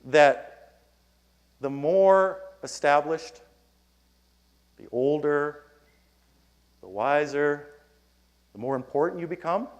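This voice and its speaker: A man's voice: fairly high pitch, animated, slow pace, long pauses. A man giving a keynote talk at a conference, telling a story and acting out his own lines in a raised voice. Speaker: keynote speaker. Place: conference hall before an audience.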